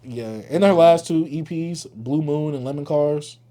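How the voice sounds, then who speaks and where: A young man co-hosting a podcast, giving animated, opinionated takes and laughing often in casual chat. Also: on the high side, a little slow. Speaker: podcast co-host.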